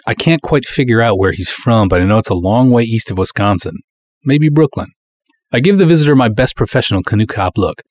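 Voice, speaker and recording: Husky-voiced man reading a pulp serial. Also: fairly low pitch, expressive, brisk, no room sound. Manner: playful, theatrical delivery. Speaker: podcast host reading a serial. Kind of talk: dramatic reading of a pulp story.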